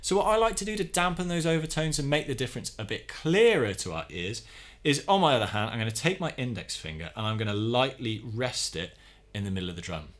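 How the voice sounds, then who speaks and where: A man giving a calm, methodical hands-on tutorial, explaining each step as he works on a drum. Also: medium pitch, fast talker. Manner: calm, methodical, talks while working. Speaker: drum teacher.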